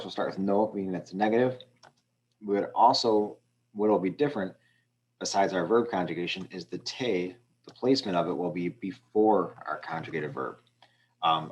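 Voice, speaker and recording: Low-voiced male teacher, relaxed walkthrough. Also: dull audio. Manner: relaxed, many ums, explains step by step. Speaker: Spanish teacher. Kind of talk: screen walkthrough lesson.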